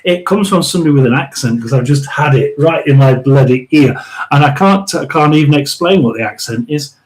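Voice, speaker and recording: Man, tarot live stream host, rambling, emphatic, frequent restarts, somewhat high pitch. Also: animated, rough recording. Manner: rambling, restarts often, clears throat; chatty and emphatic, drawn-out stresses.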